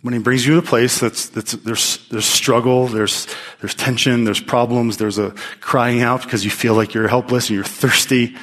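A man preaching to his congregation, his voice mid-pitched and ordinary for a man. He speaks with animated emphasis and often restarts his phrases. His sermon delivery is lively. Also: normal speed. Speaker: pastor teaching.

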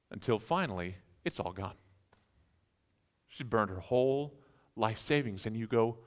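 Animated male preacher telling stories. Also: lowish voice, unhurried, pauses often. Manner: animated storytelling, acting out incredulous reactions. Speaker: pastor. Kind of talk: sermon.

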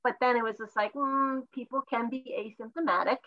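A woman's voice: fairly high pitch, fairly even intonation, fairly quick, dull audio. A woman co-hosting a podcast over a video call, stuffy-nosed and tired, telling a story chattily with many restarts. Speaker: podcast co-host.

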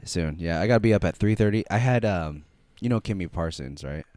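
A man's voice: deep voice, expressive, brisk, darkish tone, no echo. A man in his thirties from the Philippines, co-hosting a casual podcast chat in a chatty, hesitant way with lots of fillers. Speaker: podcast co-host.

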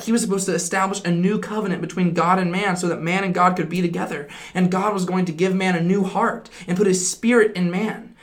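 A Bible teacher explaining a passage earnestly, stressing points with repeated phrases and frequent "right?" check-ins. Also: medium pitch.

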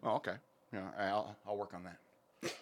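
A man's voice: fairly low pitch, level tone, measured pace. A man hosting a casual podcast, rambling and joking through sponsor reads with plenty of fillers. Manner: rambling, jokey, many fillers. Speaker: podcast host.

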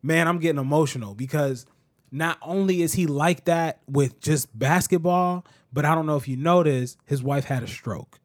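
Telling a story on his podcast, this man chats casually and brings it to life by acting out the quotes. He speaks at a normal speed in a fairly high voice, recorded cleanly in a studio without echo.

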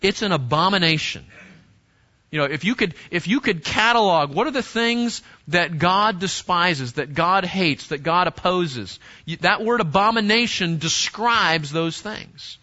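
A man's voice: sits high, lively intonation, a little slow, sharp tone. A man preaching a sermon to teenagers, emphatic, repeating words and restarting phrases. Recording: dull lo-fi sound.

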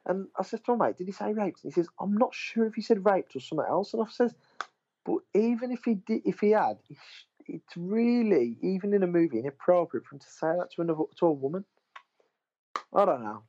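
A man's voice: high-pitched, expressive, brisk, mellow, highs cut off. A man, casually chatting as a podcast co-host, rambling through stories, swearing freely and retelling what he said to his mate. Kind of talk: casual chat.

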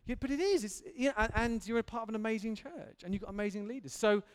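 A man's voice: sits high, fast, smooth. A man preaching an earnest, candid sermon in a church hall, building to emphatic intensity.

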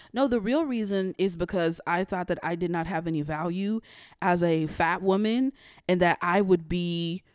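A woman's voice: on the low side, moderate pace, clean tone, dry recording, clean studio sound. A young woman hosting a podcast, telling a personal story bluntly and with swearing, fighting back tears at times. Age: young adult. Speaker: podcast host. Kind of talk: candid personal monologue.

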